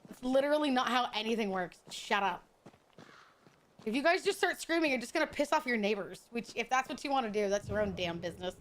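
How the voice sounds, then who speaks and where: A woman streamer with a fairly high voice talks casually while she plays a game. She ribs her viewers with crude, teasing banter and laughs a lot. There is a faint hiss of noise behind her. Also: expressive, fast. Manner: frequent laughter.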